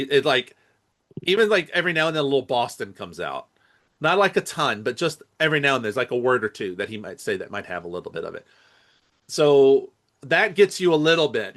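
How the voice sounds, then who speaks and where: A man's voice: medium pitch, a bit bright. Rambling male podcast co-host. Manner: rambling, hesitant, lots of fillers and restarts. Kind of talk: casual movie chat.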